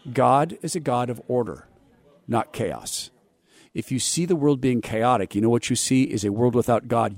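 A man hosting a religious talk show, giving sarcastic, preachy commentary on soundbites and asking for donations. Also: medium pitch. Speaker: radio show host.

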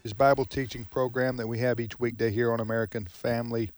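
A man's voice: medium pitch, flat delivery, quick pace, faint music behind. A man hosting a live talk radio show, chatting casually and asking his co-hosts questions. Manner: chatty, upbeat, asks questions. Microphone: studio microphone.

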